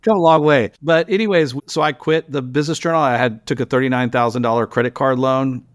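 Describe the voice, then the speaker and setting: A man, a news publisher telling stories in a casual interview. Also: mid-range voice. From Texas. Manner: animated storyteller, quick restarts. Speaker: guest, news publisher founder.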